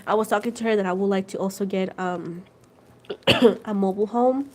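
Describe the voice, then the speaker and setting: A woman's voice: mid-range voice, normal speed. A woman hosting a casual tarot livestream, chatting with viewers and going over each point twice. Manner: chatty, animated storytelling, repeats points a second time for viewers; addresses viewers as "guys" and "girl".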